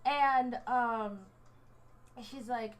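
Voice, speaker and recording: A US student in her twenties vlogs indoors under a hot light, rambling casually with lots of fillers and restarts and seeming a bit fidgety. Her voice is a little high and steady, and she speaks very slowly.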